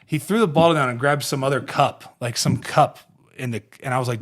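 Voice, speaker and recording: A man's voice: medium pitch, brisk. A man in his thirties from Ohio, hosting a podcast and telling rambling, profane, laughing stories about his football career. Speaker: podcast host and former pro football player. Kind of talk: casual podcast storytelling.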